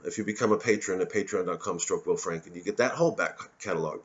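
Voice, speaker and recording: A man's voice: low-pitched, fast talker, dull audio. An American man from Missouri, a comedian delivering a rambling, profane, digressive monologue full of restarts. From Missouri, USA. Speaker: comedian hosting his own show.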